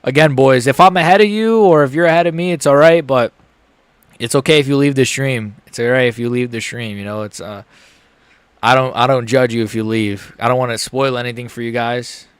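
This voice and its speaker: A man's voice: mid-range voice, a little fast, smooth, no echo. Young guy streaming a fight, super nervous, mumbles then yelps, dead dry close mic. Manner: nervous, rambling, swings from mutters to yelps. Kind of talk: live fight reaction stream.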